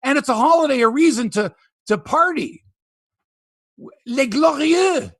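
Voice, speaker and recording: A man hosting a sports podcast, ranting in animated, profane casual talk. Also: very high voice, a little fast, dry recording.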